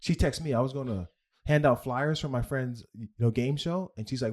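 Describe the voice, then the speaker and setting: A man's voice: mid-range voice, moderate pace, a little mellow. Candid rambling male comedian. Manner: candid, rambling, leans on "right?" and "like". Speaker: guest comedian. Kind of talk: casual storytelling.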